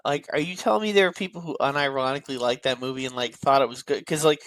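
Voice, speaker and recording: A man's voice: medium pitch, fast, fairly bright tone, dry recording. A man co-hosting a casual movie podcast, laid-back and swearing casually as he reacts. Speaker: podcast co-host. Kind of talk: casual movie review chat.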